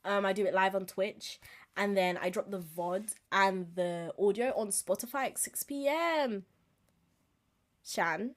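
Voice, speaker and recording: A woman, hosting a live-streamed podcast in a candid, chatty way and laughing often as she talks. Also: medium pitch. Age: 20s. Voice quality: expressive, laughs often while talking. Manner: candid, chatty, swings between loud and quiet. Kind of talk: casual live-stream chat.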